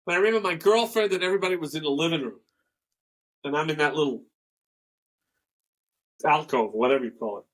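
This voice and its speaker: An older man, a guest musician, telling stories in a rambling, animated way and acting out the dialogue he quotes. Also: on the high side, quick pace, pauses often, rough recording. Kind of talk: casual storytelling interview.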